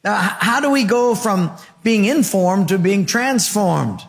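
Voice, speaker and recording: A man's voice: high-pitched, lively intonation, unhurried, vocal fry, long reverb tail. A man preaching a sermon to a congregation, asking rhetorical questions and telling stories with voiced quotes. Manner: storytelling with voiced quotes and laughter. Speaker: pastor.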